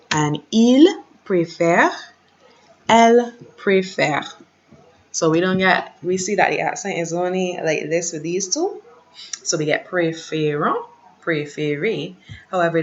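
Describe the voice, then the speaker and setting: A woman teacher talks slowly and patiently through a lesson, repeating each drill and cheering her students on. Her voice sits a little low. The sound is dull and lo-fi. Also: slight background noise. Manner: patient, repeats conjugations, sudden laughs, encouraging. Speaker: French teacher.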